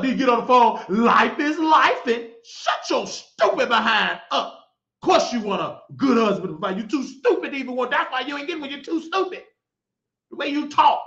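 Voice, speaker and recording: A man hosting his own show, ranting in a preachy, scolding monologue with shouted outbursts. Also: high-pitched, expressive, a little fast. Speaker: show host. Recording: dull lo-fi sound in an echoey room.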